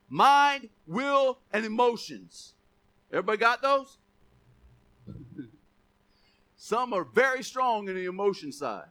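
A man's voice: high voice, fairly bright tone. A male preacher giving a casual, conversational sermon, often asking the congregation questions.

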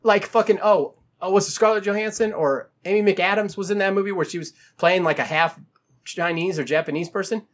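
A man co-hosting a podcast in casual chat, profane and animated, joking around. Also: sits high, fairly quick. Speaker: podcast co-host.

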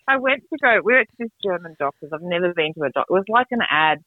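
A middle-aged woman, telling stories in a casual podcast chat, animated and quick to laugh. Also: no room sound. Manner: animated, laughing, jumps between pitches. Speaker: podcast co-host. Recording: tinny phone-like dry sound.

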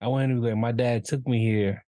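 A man's voice: medium pitch, quick pace, no room sound. A man co-hosting a casual podcast, chiming in with short remarks and brief stories. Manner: relaxed, brief interjections and short anecdotes. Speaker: podcast co-host. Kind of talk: casual chat.

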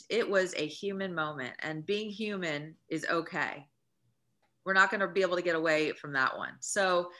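A woman's voice: fairly low pitch, sharp tone. A woman guest author in a podcast interview, explaining earnestly and emphatically with examples.

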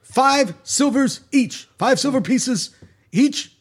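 A man voicing a boastful older male river barge captain who rambles through a salesman's pitch, as an impression of a well-known public figure. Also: expressive, slow pace, husky, heavily acted. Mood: wheedling. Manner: rambling salesman patter, loud and emphatic.

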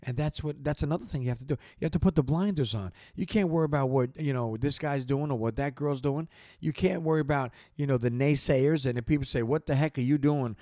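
A man's voice: medium pitch, quick pace, warm tone, no echo, clean studio sound. Passionate man hosting a motivational podcast. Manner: passionate, repetitive, gets worked up then apologizes. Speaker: podcast host.

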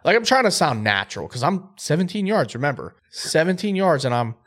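A man co-hosting a podcast, telling a hunting story in an animated, excitable way. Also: fairly high pitch, a little fast. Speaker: podcast co-host.

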